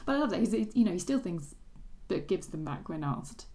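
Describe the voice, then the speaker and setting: A woman's voice: lowish voice, very animated, fairly quick, warm tone. A woman co-hosting a casual book podcast, chatty and enthusiastic, laughing often. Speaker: podcast co-host.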